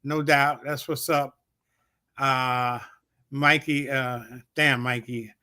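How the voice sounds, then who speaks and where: Bright-voiced laid-back male host. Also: mid-range voice, level tone, takes it slowly. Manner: laid-back, swears casually, reads out shout-outs. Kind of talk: casual show chat.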